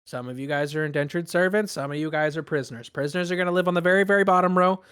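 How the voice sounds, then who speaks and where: A man's voice: on the high side, racing, a bit bright, smooth, dry recording, clean studio sound, voice pushed up, natural voice. A man voicing a jolly, chubby male pirate first mate who talks cheerily and brags. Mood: chatty. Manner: cheery, chatty, boastful.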